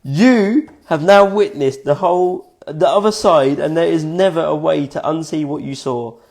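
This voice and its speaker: A man's voice: on the high side, normal speed, creaky, a little mellow. A man reading his own written notes aloud in a casual vlog, reflective and swearing freely, often breaking into helpless giggles. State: fits of giggling. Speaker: vlogger.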